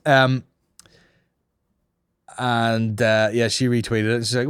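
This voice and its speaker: Male podcast host, low voice, dry close mic, animated sweary comic banter. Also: moderate pace, no echo, faint music behind. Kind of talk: casual comedic podcast banter.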